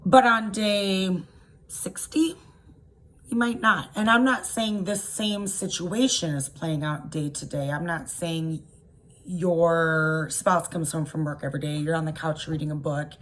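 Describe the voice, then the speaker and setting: A woman's voice: sits low, steady tone, measured pace. A woman coach explaining a topic in an informal, chatty way, often checking in with her listeners. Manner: chatty, explanatory, frequent "okay?" check-ins. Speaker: life coach. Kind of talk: informal talk to camera.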